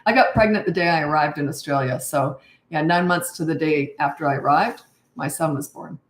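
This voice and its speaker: Older woman, parenting coach, casual livestream chat, greets viewers, lowish voice, echoey room. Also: brisk. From Canada. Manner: chatty, reads out viewer comments and greets them.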